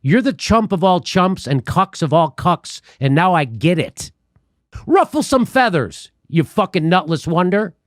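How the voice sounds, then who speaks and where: Male show host, high and wildly animated, profane ranting, dry close sound. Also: unhurried, no room sound. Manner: profane, ranting, laughs often. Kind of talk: political comedy commentary.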